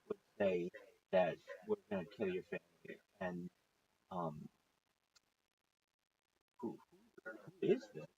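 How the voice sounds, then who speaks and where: A man rambles through a story during a casual livestream, swearing a lot and voicing other people's lines with lively impressions. His mid-range voice has vocal fry, and the stream sound is dull lo-fi.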